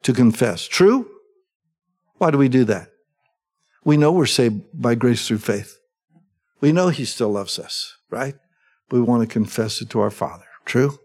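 A middle-aged man preaching in an easy, conversational way. His voice sits at an ordinary pitch, and he keeps turning to his listeners for agreement as he teaches. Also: animated, measured pace, long pauses, a little mellow, husky. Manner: conversational, asks the congregation for agreement. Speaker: pastor. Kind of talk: sermon.

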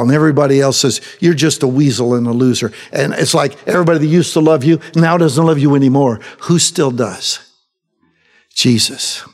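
Fervent preaching man in a reverberant hall. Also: mid-range voice. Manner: fervent preaching, dropping to soft quiet lines. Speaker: pastor. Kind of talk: sermon.

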